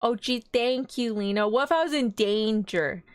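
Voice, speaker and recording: A woman's voice: fairly high pitch, moderate pace, clean tone, no room sound. A young woman streaming live as a vtuber, chatting casually in a rambling, giggly way.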